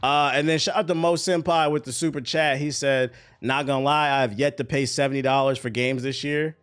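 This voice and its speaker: A man's voice: mid-range voice, steady tone, brisk, a bit bright, clear, resonant tone. A man hosting a livestream, ranting bluntly and profanely in casual chat to his viewers, often breaking into laughter. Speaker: livestream host.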